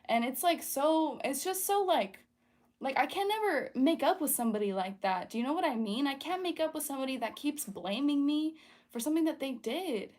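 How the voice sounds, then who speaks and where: A young woman with a slightly high voice talks through a casual livestream. Her speech is chatty and earnest, full of fillers and restarts. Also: expressive, a little fast, darkish tone. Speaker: livestream host. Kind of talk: casual livestream chat while painting.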